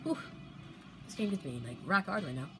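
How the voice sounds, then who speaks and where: A young woman commentating her own gameplay, playful and prone to loud outbursts and strings of repeated protests. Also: on the low side, expressive, a little fast, heavy background noise. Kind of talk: excited gaming commentary.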